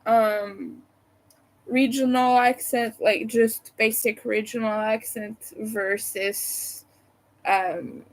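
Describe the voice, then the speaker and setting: Slow, hesitant Quebec-accented woman. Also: fairly high pitch, steady tone. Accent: Quebec French. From Quebec, Canada. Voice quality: meandering, hesitant delivery full of fillers. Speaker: livestreamer. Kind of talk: casual live-stream chat.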